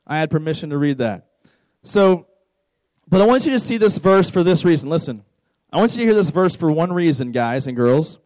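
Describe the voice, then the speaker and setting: A man's voice: fairly high pitch, a little mellow, no echo, low-quality recording. A man in his thirties preaching a conversational sermon to a youth group as their pastor, repeating words and joking with the room.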